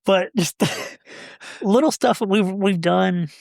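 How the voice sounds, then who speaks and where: A man, a podcast guest telling stories about his brother in a halting, rambling way. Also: sits high, creaky, no room sound, clean studio sound. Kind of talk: casual storytelling.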